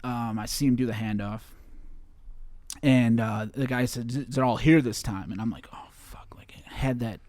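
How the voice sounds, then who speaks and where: A young man from Chicago, a guest on an interview show, recounting a personal story in a halting way with many fillers and restarts. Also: medium pitch, fairly even intonation, darkish tone, no echo.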